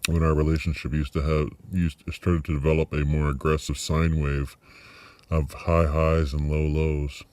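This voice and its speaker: A middle-aged man talking through a personal video diary, reflective and halting, with many fillers and restarts. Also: extremely low pitch, level tone, darkish tone, dry recording. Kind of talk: personal vlog monologue.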